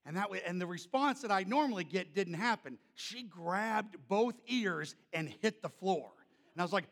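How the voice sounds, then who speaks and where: A male pastor telling a story in a sermon, loud and animated, then dropping to soft, gentle tones. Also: high voice, moderate pace, gravelly, in a large hall.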